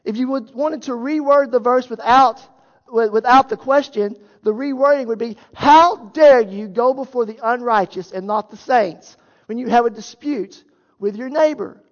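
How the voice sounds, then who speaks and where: A man's voice: very high-pitched, moderate pace. A male pastor preaching a sermon, explaining a Bible passage in an earnest, emphatic way and pressing his points with rhetorical questions. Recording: echoey hall, dull lo-fi sound.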